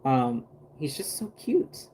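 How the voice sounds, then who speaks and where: A man's voice: medium pitch, very animated, takes it slowly, warm tone, husky. A man chatting casually on a livestream while he paints a doll, rambling with lots of fillers and restarts.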